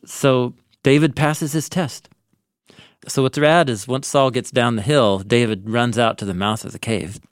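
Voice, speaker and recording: A man co-hosting a podcast, casually walking through a Bible story and acting out its lines with animated delivery. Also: medium pitch, a little slow, clean tone, dry recording, clean studio sound. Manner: animated storyteller, acts out quoted lines with laughs. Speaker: podcast co-host, Bible teacher. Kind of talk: casual conversational Bible discussion.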